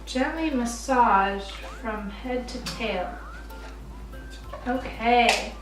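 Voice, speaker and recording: High-voiced teen girl vlogger, gushing. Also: extremely slow. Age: late teens. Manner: gushing, coos in baby talk. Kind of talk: casual vlog chat. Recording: echoey room, mic at a distance, music behind.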